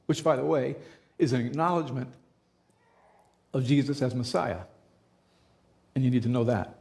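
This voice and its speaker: A man preaching a sermon as a pastor, talking in a relaxed conversational way and repeating key phrases for emphasis. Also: medium pitch, moderate pace, creaky, pauses often.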